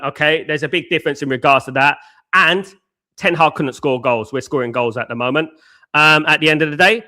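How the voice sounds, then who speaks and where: Combative bright-voiced male fan-show host. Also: on the high side. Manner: combative, repeats rhetorical questions; casual slangy banter. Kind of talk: live fan show answering chat.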